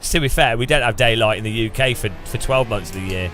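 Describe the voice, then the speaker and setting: A man's voice: medium pitch, fast talker, bright, forceful tone, soft background music. An English man from England, streaming a racing game and chatting casually in a rambling way, often restarting his sentences. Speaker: gaming streamer. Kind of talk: casual chat over racing gameplay.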